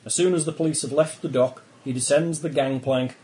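A man's voice: a little high, steady tone, fairly quick, warm tone, rough recording. Man narrating as game master. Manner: descriptive narration with easy laughter. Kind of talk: narrating a tabletop horror game.

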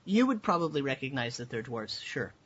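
A man's voice: mid-range voice, very animated, a little fast, fairly bright tone. A man narrating as dungeon master of a tabletop game, talking loosely with many fillers. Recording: dull lo-fi audio with faint background hiss.

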